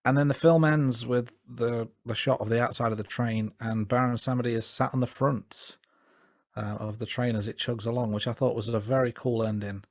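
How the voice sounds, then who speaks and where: A man's voice: mid-range voice, normal speed, no echo, studio quality. A man co-hosting a podcast, chatting casually about a film with fillers and restarts. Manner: relaxed, hesitant, with fillers and restarts. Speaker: podcast co-host. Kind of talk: casual film review chat.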